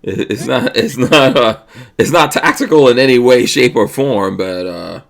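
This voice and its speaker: A man hosting a podcast in casual chat, reading out viewer comments in a relaxed, chuckling way. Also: mid-range voice, a little slow, creaky. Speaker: podcast host.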